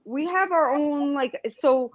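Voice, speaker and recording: A woman co-hosting a livestream chat, speaking bluntly and swearing freely. Her voice is a little high and dry. Her audio comes through slightly dull and muffled. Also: slow, dry recording. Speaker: co-host guest.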